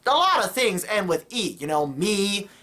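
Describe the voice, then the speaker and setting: A smug know-it-all lectures in a raised, sing-song voice, slow and teasing, as a man puts him on. The tone is patronizing and playful. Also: high voice, big pitch swings, pushed and bright, pitched above the performer's own voice, full character voice. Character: know-it-all person correcting a pronunciation.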